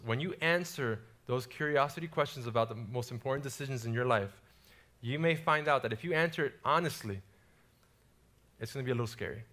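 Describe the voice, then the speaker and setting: Energetic casual male preacher. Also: medium pitch, a little fast. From South Florida. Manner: energetic, casual, repeats words for rhythm. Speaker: young adults pastor. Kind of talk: sermon with personal stories.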